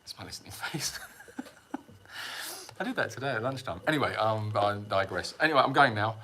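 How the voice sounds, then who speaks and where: A man's voice: lowish voice, lively intonation, normal speed, bright, forceful tone, a little hiss or hum. A middle-aged man hosting a casual livestream, rambling and self-mocking, reading out viewer comments and chuckling often. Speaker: sanctuary livestream host.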